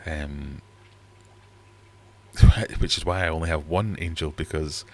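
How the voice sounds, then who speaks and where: In a rumbling low, darkish voice, a Geordie man takes his time on a casual livestream, his intonation fairly even. Broadcasting from the fish room at his home, he rambles chattily and reads out what viewers have commented.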